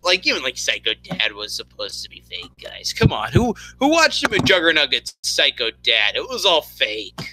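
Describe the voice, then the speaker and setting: Streamer type: man with a high, piercing voice, chatty and rambling. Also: big pitch swings, moderate pace, hardly any pauses, bright, forceful tone, a little hiss or hum, poor audio. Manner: rambling, lots of fillers and restarts. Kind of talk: casual chat.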